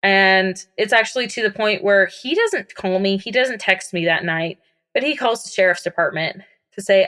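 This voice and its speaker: A woman's voice: medium pitch, moderate pace, fairly bright tone. A young woman guest on a podcast, candidly recounting a personal story in a casual way with many fillers.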